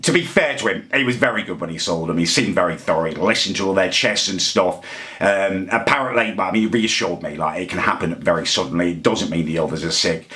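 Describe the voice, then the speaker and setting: Tense, low-voiced vlogger ranting. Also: male voice, sharp tone. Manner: ranting, exasperated, keeps adding "right?". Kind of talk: casual vlog monologue.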